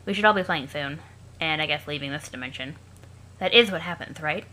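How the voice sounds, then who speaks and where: A cranky young male troll from a webcomic, snide and crude, read by a woman close to her own voice. His low but bright, cutting voice drips with sarcasm. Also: a little fast. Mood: sarcastic.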